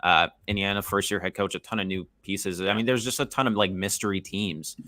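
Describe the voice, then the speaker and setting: A man appearing as a guest on a sports podcast, talking in a measured way and thinking aloud with lots of fillers. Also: deep voice, fairly even intonation, sharp tone, no echo. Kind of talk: casual sports podcast chat.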